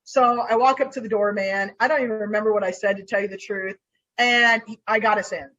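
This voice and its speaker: A woman's voice: mid-range voice, a little fast, low-quality recording. A woman private investigator telling a story in a casual interview, acting out what she said to people along the way. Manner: animated storyteller acting out her own lines.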